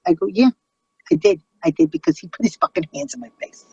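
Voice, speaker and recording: A middle-aged woman comedian, telling stories in a brash, profane, animated way. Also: medium pitch, fast talker, vocal fry, slightly rough, dry recording, lo-fi sound. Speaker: comedian guest. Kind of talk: casual storytelling chat.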